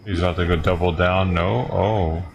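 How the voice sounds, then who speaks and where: A man's voice: low voice, fairly even intonation, normal speed, creaky. A man streaming live, casually muttering his reactions to a card game as he plays. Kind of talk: casual running commentary while playing cards.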